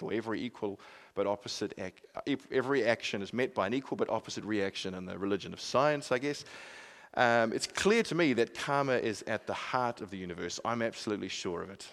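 A man preaching a sermon in an earnest way, swinging from emphatic peaks to quiet, soft passages. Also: on the low side.

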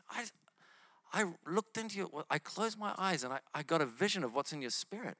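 A man's voice: fairly high pitch, fast talker, dry recording. A man preaching, telling healing stories and acting out the people in them. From New Zealand. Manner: animated, acts out the people in his stories. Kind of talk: sermon storytelling.

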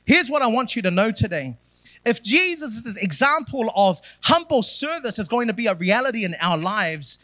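Male pastor, bright forceful preaching tone, emphatic build-ups. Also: sits high, dry recording. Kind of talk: sermon.

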